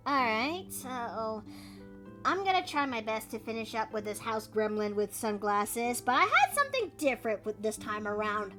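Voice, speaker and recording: A woman from Canada streams her drawing and chats as she works, her voice pitched high. She talks her process through out loud, with gasps and playful asides. Soft music plays faintly behind her. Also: very animated, normal speed. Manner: chatty, thinks aloud, with gasps and playful asides. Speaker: streamer and artist. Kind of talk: casual chat while drawing live.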